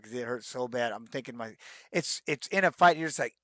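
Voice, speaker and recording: A man's voice: medium pitch, fairly quick, pushed and bright, no room sound, studio quality. A middle-aged man, a retired fighter, answering fan questions in a casual live-stream Q&A, rambling with many restarts and fillers.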